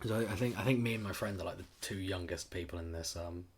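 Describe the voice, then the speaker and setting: A man's voice: low voice, fast talker, husky. A man co-hosting a podcast, rambling through a story in casual chat with lots of fillers. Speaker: podcast co-host.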